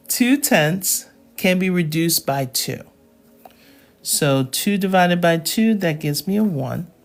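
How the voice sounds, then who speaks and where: Woman math teacher, live class, slow deliberate pace, faint music in background. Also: lowish voice. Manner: slow, patient step-by-step explaining with check-ins.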